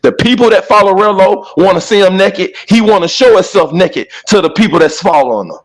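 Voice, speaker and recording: A man's voice: high voice, animated, a little fast, poor audio. A man talking on an online panel in an emphatic, slangy way, repeating his points. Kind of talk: casual online panel chat.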